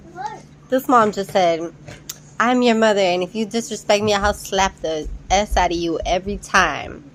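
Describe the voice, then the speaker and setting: A woman's voice: mid-range voice, lively intonation, unhurried, long pauses, slight background noise. Chatty woman recapping with frequent laughs. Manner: chatty, laughs often, incredulous asides. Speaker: reality show reviewer. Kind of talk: casual recap commentary.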